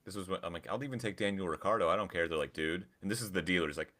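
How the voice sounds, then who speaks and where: Podcast guy, low voice but bright and bouncy, upbeat chat. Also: racing. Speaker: podcast co-host. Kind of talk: casual chat.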